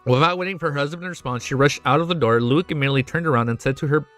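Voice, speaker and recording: A man streaming live, reading a novel aloud and breaking off into excited, swearing reactions. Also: on the high side, racing, soft background music. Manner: excitable, swears often, sudden loud outbursts.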